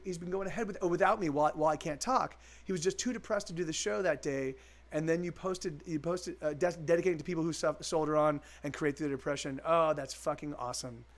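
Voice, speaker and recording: High-voiced man chatting to his stream. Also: a bit bright. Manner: rambling, with many restarts and casual swearing. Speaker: musician streaming live. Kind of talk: casual live-stream chat with viewers.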